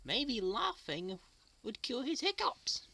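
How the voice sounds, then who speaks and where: A woman's voice: slow pace, creaky, slightly rough, dry recording, soft background music, exaggerated voice. A woman voicing an eager little toy who chirps out ideas in a children's toy show. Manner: excited, high and chirpy.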